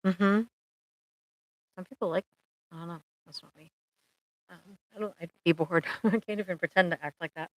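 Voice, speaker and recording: A woman's voice: mid-range voice, a bit bright, no room sound, low-quality recording. A woman therapist hosting a casual live Q&A, chatty and jokey, full of analogies and playful asides. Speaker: therapist and livestream host.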